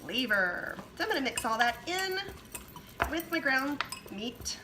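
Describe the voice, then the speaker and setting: A woman's voice: high voice, very animated, unhurried, noisy background. A woman hosting a home cooking demonstration, chatting her way through each step as she works in her kitchen. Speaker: cooking show host.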